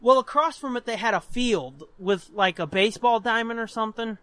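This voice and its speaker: A man co-hosting a podcast, telling crude stories in an animated way and laughing often. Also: extremely high pitch, a little fast, smooth, no echo. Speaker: podcast co-host. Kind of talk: casual chat, storytelling.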